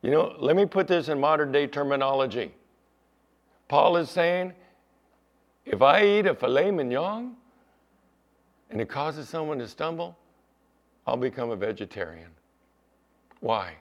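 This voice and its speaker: A male pastor preaching a sermon, emphatic at times and dropping to a soft storytelling voice. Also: a little high, expressive, normal speed, long pauses. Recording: dull lo-fi sound.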